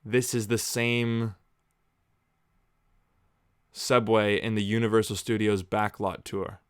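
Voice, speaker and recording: A man's voice: lowish voice, little pitch movement, takes it slowly, clear, resonant tone, no room sound, clean studio sound. A young man hosting a casual movie watch-along, chatty and sarcastic, with a taste for juvenile jokes. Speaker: movie review host.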